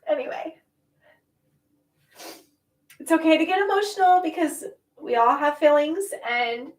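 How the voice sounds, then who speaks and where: During a casual livestream, a woman with a high voice reads out chat comments, warm and chatty, sometimes emotional, and laughing a lot. She's a bit far off the mic, which gives the recording a roomy echo.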